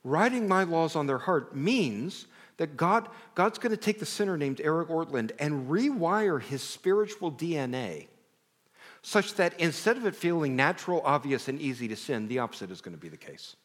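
A middle-aged man preaches to a congregation in a warm, conversational way, mixing personal stories with self-deprecating asides. His pitch rises and falls expressively as he talks. His voice rings out with the long reverb of a large hall. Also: lively intonation, normal speed. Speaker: pastor. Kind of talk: sermon.

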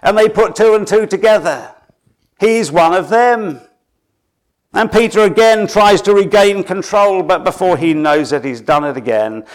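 A Suffolk man delivers a sermon with a high voice at a measured pace. His telling is dramatic, sinking to a hush before swelling again for emphasis.

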